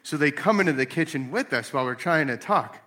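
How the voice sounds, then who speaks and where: A man's voice: fairly high pitch, brisk. A man in his late thirties talking casually about faith and family, telling stories and acting out voices. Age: 30s. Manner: animated storytelling with acted-out voices.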